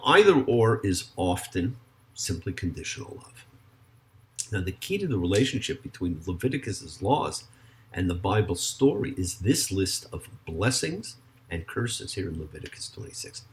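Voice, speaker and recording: A man, a rabbi, giving a sermon with slow, drawn-out stress on key words and parts of prayer sung. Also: low-pitched, big pitch swings, slight background noise. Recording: faint guitar music behind.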